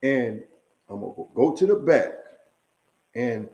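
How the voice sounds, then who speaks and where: A man's voice: medium pitch, expressive, slow pace, dark tone, muffled recording. A middle-aged man telling stories about his years in prison in a casual, profane, streetwise way, tagging lines with "man" and "right?" and chuckling at his own tales. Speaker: storyteller sharing prison stories. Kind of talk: casual storytelling monologue.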